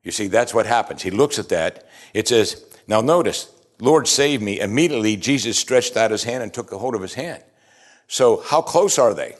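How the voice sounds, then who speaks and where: A man preaching a sermon in a conversational way, asking rhetorical questions and rising into animated bursts of emphasis. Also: lowish voice, normal speed.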